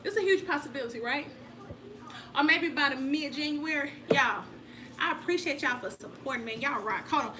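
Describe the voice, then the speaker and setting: A woman's voice: sits high, moderate pace. A woman hosting a cooking vlog, chatting playfully and speaking straight to her viewers as she cooks in a home kitchen. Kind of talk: casual chat while cooking. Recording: noisy home recording.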